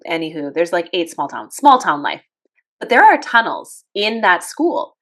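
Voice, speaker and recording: A woman's voice: fairly low pitch, big pitch swings, normal speed, a bit bright. A woman co-hosting a movie review podcast, chatting frankly and casually. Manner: chatty, frank, laughs easily. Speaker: podcast co-host.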